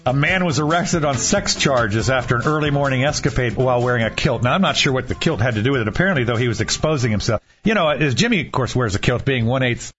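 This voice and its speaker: A man's voice: mid-range voice, animated, quick pace, few pauses, fairly bright tone, soft background music. A man hosting a casual comedic podcast, reading out news stories in a chatty way and laughing through them. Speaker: podcast host. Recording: dull lo-fi podcast recording.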